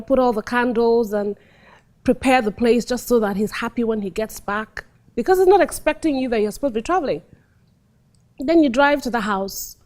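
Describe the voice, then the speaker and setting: A woman acting coach talking through a scene, acting out lines and dropping to hushed tones. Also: a little high. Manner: animated, acts out scenes, drops to hushed tones. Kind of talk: teaching monologue with acted examples.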